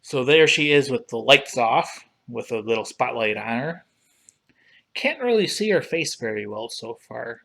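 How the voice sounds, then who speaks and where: A man hosting a casual livestream, talking in an unhurried, relaxed way as he browses and reads things aloud. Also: mid-range voice, gravelly. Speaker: livestream host reviewing collectible figures.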